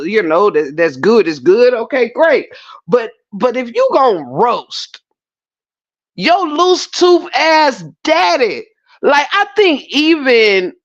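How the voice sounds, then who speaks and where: A woman hosting a channel, chatting casually and telling a story in a lively, vernacular way. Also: medium pitch, dull audio. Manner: animated storytelling with Black American vernacular. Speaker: channel host. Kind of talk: casual reaction commentary.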